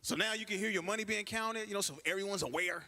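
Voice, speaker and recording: A man doing a stand-up comedy routine with animated storytelling, acting out the voices of other people. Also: high-pitched, fast. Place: church stage before a live audience.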